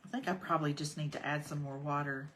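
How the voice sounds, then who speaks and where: A woman's voice: low-pitched, steady tone, quick pace, fairly bright tone, a little hiss or hum. A woman demonstrating a craft project on a livestream, chatting and greeting her viewers by name between steps. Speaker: craft tutorial host. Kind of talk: casual livestream craft demo.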